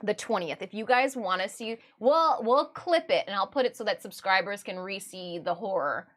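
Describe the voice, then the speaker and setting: A woman from Michigan chats on her livestream from home. Her talk is self-mocking and full of giggles, and her pitch swings widely. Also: animated, normal speed, a bit bright. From Michigan, USA. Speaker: livestreamer and artist. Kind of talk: casual livestream chat.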